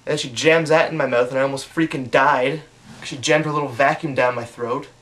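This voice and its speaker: A young man telling a comic monologue, deadpan, with mocking put-on voices when he quotes people. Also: mid-range voice, a little fast.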